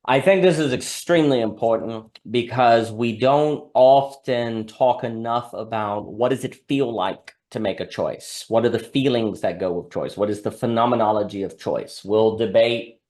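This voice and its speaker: A man hosting a podcast, speaking articulately and emphatically, building his points in quick succession. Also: mid-range voice, a little mellow. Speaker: podcast host. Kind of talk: conversational commentary.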